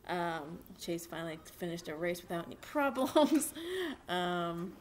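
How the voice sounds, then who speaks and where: A young woman vlogging at home, rambling excitedly with lots of fillers as she talks about racing. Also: fairly low pitch, unhurried, a little hiss or hum. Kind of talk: casual chat to camera. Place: at home with a dog.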